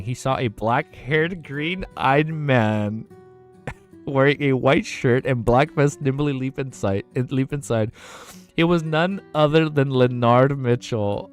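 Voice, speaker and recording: Male streamer reading a novel aloud live. Stumbling delivery with excited, cursing asides. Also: medium pitch. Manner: breaks off into excited, profane reactions; stumbles over words and rereads lines.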